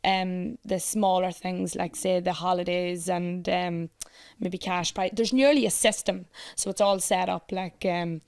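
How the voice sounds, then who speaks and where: A woman's voice: on the low side, clean tone. Chatty Irish woman guest. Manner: chatty, animated, quick to laugh. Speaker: guest, runs a competition page. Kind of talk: casual chat.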